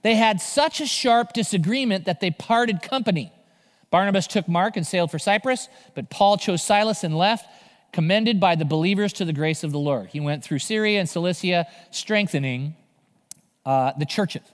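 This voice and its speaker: Male pastor, expressive storyteller, slightly high-pitched, long church reverb. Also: moderate pace. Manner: animated storytelling, acting out voices. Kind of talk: sermon. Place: large church hall.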